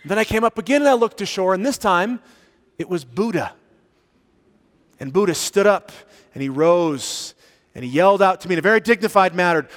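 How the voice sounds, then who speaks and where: A man preaching a sermon as pastor, telling stories with animated rises and hushed drops for emphasis. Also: high-pitched, brisk, long pauses, in a large hall. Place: church sanctuary.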